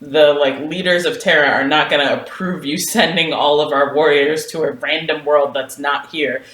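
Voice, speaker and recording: A man co-hosting a podcast, casually retelling a story with quick quoted asides and laughter. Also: on the high side, fairly even intonation, a bit bright. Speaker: podcast co-host. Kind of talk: casual book discussion. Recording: roomy echo.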